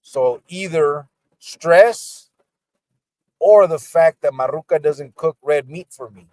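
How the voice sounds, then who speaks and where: A man's voice: fairly high pitch, takes it slowly, darkish tone, no echo. A man hosting a casual livestream from a car in the rain, laid-back and swearing easily. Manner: laid-back, reads viewer comments aloud, swears casually. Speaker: podcast host.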